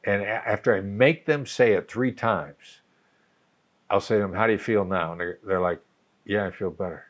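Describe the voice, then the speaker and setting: A man in his sixties, a negotiation coach, explaining in a measured way and often restarting phrases. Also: fairly low pitch, muffled recording. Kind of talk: conversational explaining.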